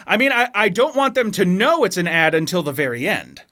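A man with a high, very lively voice joking on a podcast with friends. He swears freely and spins crude comic bits. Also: brisk. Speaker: podcast co-host. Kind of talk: casual banter among friends.

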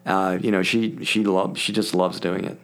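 An older man from Philadelphia tells stories as a podcast guest, in a casual, lively way. He acts out the people he quotes, and his voice sits slightly low. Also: moderate pace, gravelly. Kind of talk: casual storytelling.

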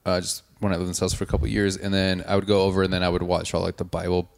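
A man's voice: low-pitched, level tone, rapid-fire, gravelly. A man co-hosting a podcast, rambling and joking as he retells scenes from an episode. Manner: rambling, jokey, quotes scenes. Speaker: podcast co-host. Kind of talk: casual chat recapping a cartoon episode.

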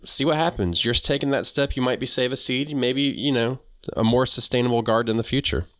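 A man co-hosting a gardening podcast, talking in a relaxed, rambling way with many fillers. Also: medium pitch, a little fast, no room sound, clean studio sound. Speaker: podcast co-host. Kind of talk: casual chat about gardening.

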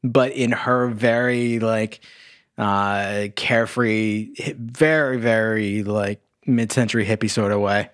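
A man co-hosting a podcast, chatting about a film in a relaxed, reflective way with many "like" fillers. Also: on the low side, slow, dry recording, clean studio sound. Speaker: podcast co-host. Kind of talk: casual movie review chat.

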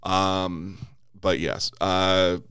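A man's voice: deep voice, flat delivery, very slow, fairly bright tone, smooth, no room sound, studio quality. Cursing man on an angry rant. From United States. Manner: heavy swearing, repeated restarts.

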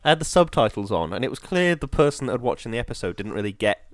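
A man's voice: medium pitch, fast talker, no room sound, studio quality. A man co-hosting a casual podcast chat, playful and jokey, telling stories with lots of asides. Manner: playful, jokey, animated storytelling. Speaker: podcast co-host.

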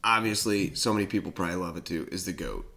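A man co-hosting a podcast in casual banter, excitable, swearing freely and quoting comedy bits. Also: deep voice, quick pace, vocal fry. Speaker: podcast co-host.

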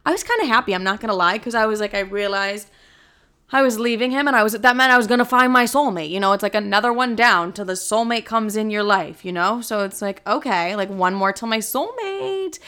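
A woman's voice: mid-range voice, fast talker, bright, forceful tone, smooth. A woman in her twenties telling a dating story in a casual, chatty way, full of "like" and swear words. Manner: chatty, heavy "like" filler, frequent swearing.

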